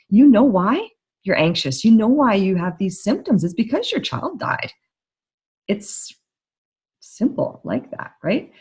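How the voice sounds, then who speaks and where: Gravelly-voiced woman therapist, chatty. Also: lowish voice. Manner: chatty and excitable, many "like" fillers. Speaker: grief therapist. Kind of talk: casual talk to camera.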